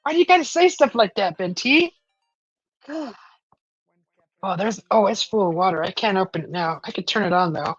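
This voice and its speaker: A chatty woman hosting a livestream from home, reading out viewer comments and rambling with plenty of "uh" fillers. Her voice sits in a middle pitch, and the sound is dry and a little dull and lo-fi. Faint music plays under her talk. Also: lively intonation, moderate pace, pauses often, breathy edge, no room sound. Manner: chatty, rambling, many "uh" fillers, laughs often. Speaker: livestream host.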